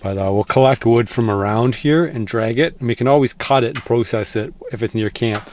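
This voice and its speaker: A man talking casually to the camera while winter camping, in a relaxed, rambling way. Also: mid-range voice, a little fast, background noise. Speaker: vlogger. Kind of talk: casual outdoor vlog narration. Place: winter woods and canvas tent.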